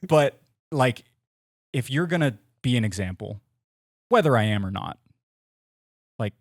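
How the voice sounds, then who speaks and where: A man's voice: mid-range voice, expressive, measured pace, no room sound, clean studio sound. A young man, a sports commentator, talking earnestly in a casual podcast interview, thinking aloud with frequent restarts.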